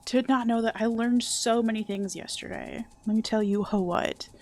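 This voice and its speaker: A woman's voice: a little high, fairly even intonation, normal speed, darkish tone, soft background music. A young adult woman streaming a video game, chatting casually and sarcastically and swearing now and then. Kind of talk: casual live-stream chat.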